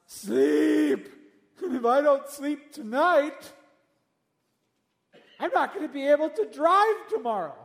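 A man voicing an exhausted, sleep-deprived adult who pleads loudly and whines for rest. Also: extremely high pitch, expressive, gravelly, voice pushed up, heavily acted. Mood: desperate. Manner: loud, pleading, drawn-out complaint. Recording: long hall reverb.

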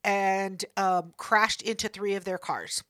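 A woman's voice: mid-range voice, steady tone, slow, a bit bright, no room sound, clean studio sound. A woman co-hosting a podcast, telling a story in a blunt, profane, rambling way and correcting herself as she goes. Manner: self-correcting, rambling asides. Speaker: podcast co-host. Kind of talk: casual storytelling chat.

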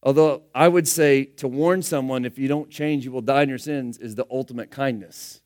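A man's voice: mid-range voice, moderate pace, darkish tone. A man preaching a sermon in a conversational way, acting out the scripture dialogue in casual everyday voices. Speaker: pastor.

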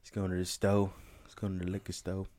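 A man's voice: low voice, fairly quick, no echo. A man from California, chatting loosely as a podcast co-host, swearing freely and telling stories with animation. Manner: profane, animated storytelling. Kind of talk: casual chat.

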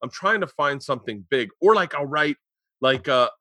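Casting: male comedian podcast host, bright ringing voice, rambling storyteller, close dry mic. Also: medium pitch, moderate pace, no room sound. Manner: rambling storyteller, animated when retelling stories. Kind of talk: casual remote chat. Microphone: remote call.

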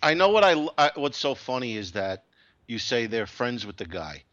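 A man's voice: mid-range voice, very animated, moderate pace, a bit bright, lo-fi sound. A man co-hosting a talk radio show, ranting and swearing in casual banter over a home computer mic. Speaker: co-host.

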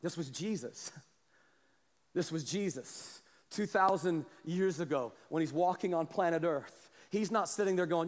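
A high-voiced man preaching in a church, his words trailing off in a long hall echo. He drops to quiet asides, then rises to shouted calls. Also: lively intonation, a little slow. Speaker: pastor. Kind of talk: sermon. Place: church sanctuary. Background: congregation responding.

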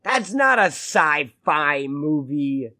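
A man's voice: a little high, big pitch swings, slow pace, pushed and bright, no room sound, clean studio sound. A man hosting a casual podcast chat, blunt and profane, arguing his point.

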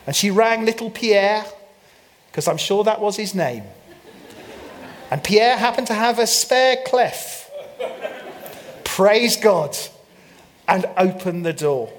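A man preaching a sermon, telling a story with playful humor and mock French asides. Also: sits high. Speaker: pastor. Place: church.

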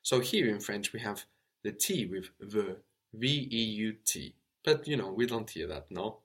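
A man's voice: fairly low pitch, expressive, measured pace, fairly bright tone. A man teaching a spoken language lesson, explaining patiently, spelling out words and checking in with a questioning "no?".

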